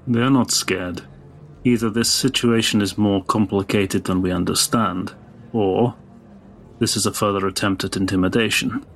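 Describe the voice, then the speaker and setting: Guy playing a tabletop rpg, lowish voice, measured and blunt. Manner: calm, deliberate and blunt in character. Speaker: player. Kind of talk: tabletop role-play, in and out of character.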